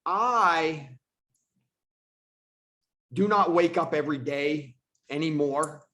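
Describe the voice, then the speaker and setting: A man's voice: mid-range voice, sharp tone. Man teaching real estate on a call. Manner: casual, repeats himself for emphasis. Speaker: real estate team leader. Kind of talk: online training presentation. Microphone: video call.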